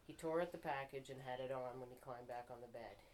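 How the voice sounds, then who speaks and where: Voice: medium pitch, quick pace, slight background noise, rough recording. A writing group member reading their own fiction aloud and stopping now and then to fix slips. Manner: reads steadily, stops to fix slips and apologizes.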